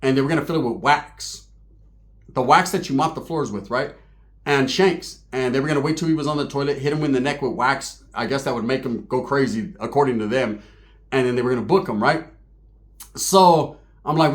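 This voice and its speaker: A man's voice: medium pitch, fairly quick. A man casually telling profane stories about prison and gang life in street slang, often tagging his lines with "right?".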